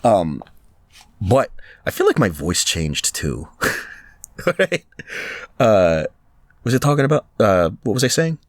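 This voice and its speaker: A man co-hosting a casual podcast chat, animated, laughing often and slipping into mock voices. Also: fairly low pitch, takes it slowly, long pauses, no echo, studio quality. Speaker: podcast co-host.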